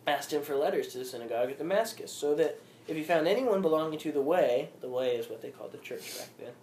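Leading an informal Bible study, a man reads scripture aloud, then explains it by putting questions to the group. His voice is a little high and darkish in tone, expressive and fast. The room sounds spacious, with faint background noise.

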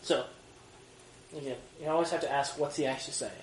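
A man teaching a Bible study class, animated and reading scripture slowly and gravely. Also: mid-range voice. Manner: animated, reads scripture slowly and wails the word oi. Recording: roomy classroom from a distance, faint noise.

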